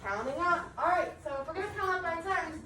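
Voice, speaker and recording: A high-voiced young woman teaches a lesson, upbeat and encouraging. She walks through each step. Her voice echoes in a noisy classroom, caught from a distance. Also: animated, fast, pushed and bright. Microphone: far camera. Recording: echoey classroom recorded from afar, background noise.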